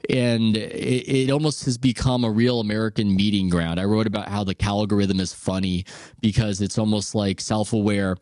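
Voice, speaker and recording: A man's voice: fairly low pitch, little pitch movement, normal speed, darkish tone, no echo, studio quality. A man hosting a podcast, talking candidly and wryly in casual conversation and laughing easily. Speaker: podcast host.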